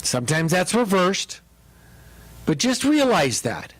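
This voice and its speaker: A man pastor teaching about marriage, joking and animated as he speaks to his listeners. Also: high-pitched, slow pace, no room sound, low-quality recording.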